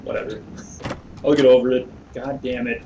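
A man with a mid-range voice at a moderate pace gives excitable let's-play commentary on a horror game, talking to himself, humming along, and yelping when scared. He's slightly off-mic and distant, in lo-fi audio with a bit of hiss or hum, while the game music comes through clearly.

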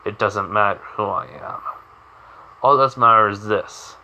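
A man voicing a cool, aloof male hedgehog hero in a retold fan story, talking calmly and dismissively. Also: fairly low pitch, a little slow, rough recording.

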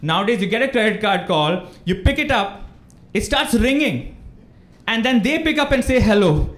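Extremely high-pitched and animated, the young Indian stand-up works a live comedy club crowd at a moderate pace. He breaks into laughter mid-joke and acts out phone calls, and the echoey space carries loud laughter from the audience.

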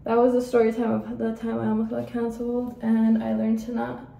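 A woman's voice: on the high side, monotone, brisk, vocal fry, warm tone, reverberant, far from the mic, a little hiss or hum, poor audio. A woman in her twenties from El Paso, telling a story in a casual, chatty way while doing her makeup, and swearing freely. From El Paso, Texas. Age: 20s. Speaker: vlogger. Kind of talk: casual get-ready-with-me storytelling.

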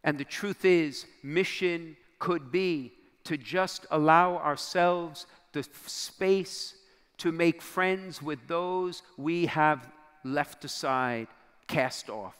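A man's voice: fairly high pitch, takes it slowly, a bit bright, smooth. A middle-aged man, a bishop, preaching to young people by telling a story, acting out the dialogue and dropping almost to a whisper at key moments. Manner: dramatic storyteller, acts out quoted dialogue, drops to near-whisper at key moments. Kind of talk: storytelling sermon to a youth crowd. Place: large convention hall. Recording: long reverb of a large hall.

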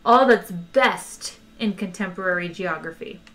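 A woman voicing an old recorded planet announcer in a storybook reading, slow, courteous and quietly threatening. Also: fairly low pitch. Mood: formal.

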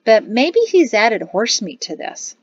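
A man's voice: high-pitched, big pitch swings, slow, husky, no echo, exaggerated voice. A woman reading an audiobook voices a sarcastic young man sneering at his father, in a slightly dull, dry studio recording.

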